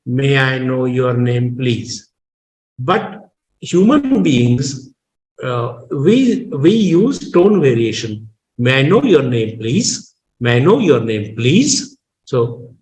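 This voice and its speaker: A middle-aged man with an Indian English accent giving a lecture as a professor, deliberate and hesitant, with many fillers and restarts. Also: on the high side, recorded from a distance, rough recording.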